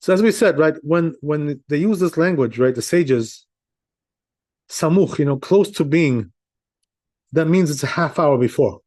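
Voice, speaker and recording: A man's voice: on the high side, expressive, measured pace, darkish tone. A man teaching Jewish law as a rabbi in a casual class, talking conversationally and chuckling often. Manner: conversational, sprinkles in "right?" and "you know", chuckles often.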